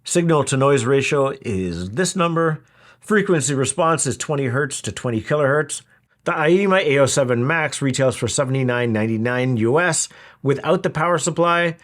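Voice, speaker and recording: A man's voice: medium pitch, expressive, moderate pace, fairly bright tone. A man talking through a product review in a casual, wry, conversational way. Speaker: audio equipment reviewer.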